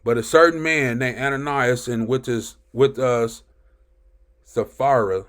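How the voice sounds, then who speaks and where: A man's voice: mid-range voice, unhurried, fairly bright tone. A man reading scripture aloud and commenting on it in an emphatic teaching style, often checking in with "right?" between verses.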